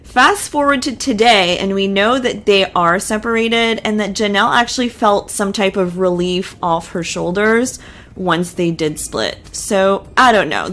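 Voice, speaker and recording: A woman's voice: medium pitch, fairly bright tone. Chatty woman recapping reality TV. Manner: chatty and opinionated, with filler words. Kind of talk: casual recap commentary.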